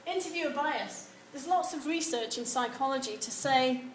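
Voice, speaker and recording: A woman giving a university lecture, animated and acting out example replies. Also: high voice, moderate pace. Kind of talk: lecture on research methods. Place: lecture hall. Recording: echoey lecture room with some background noise.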